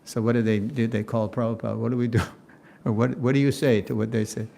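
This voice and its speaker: An older man lecturing to a class, telling a story in an animated way, acting out quotes and laughing often. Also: mid-range voice, fast, creaky.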